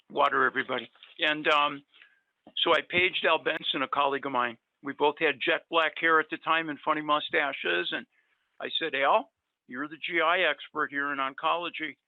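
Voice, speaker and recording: A middle-aged man, a guest dentist, rambles through long personal stories in casual chat, using lots of fillers. His voice is a little high and creaky, with no room sound, over a dry, tinny, phone-like line.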